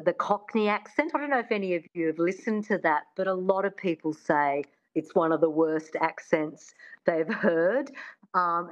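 A woman's voice: lowish voice, highs cut off. A woman, a coach being interviewed on radio, agreeable and explaining plainly. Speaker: accent coach.

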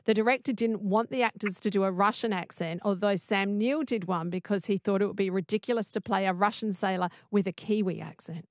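A woman hosting a radio talk show, briskly reading out listener messages and steering the chat. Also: mid-range voice, dry recording, clean studio sound. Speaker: radio host.

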